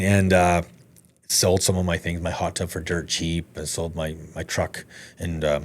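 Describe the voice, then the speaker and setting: A male podcast guest tells a story in casual conversation, animated and swearing freely as he acts out the dialogue. His voice sits low, at a moderate pace.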